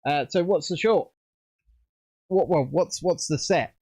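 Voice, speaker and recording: A man's voice: on the high side, a little slow, darkish tone, no echo. A British man hosting a casual livestream, chatting and rambling while building a set at home. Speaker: livestream host.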